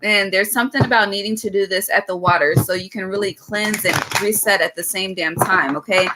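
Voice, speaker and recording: A woman's voice: medium pitch, steady tone, brisk, background noise. A woman giving a chatty, frank tarot reading, calling listeners "baby" and tagging nearly every line with "okay". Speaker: tarot reader. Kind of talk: casual tarot reading monologue.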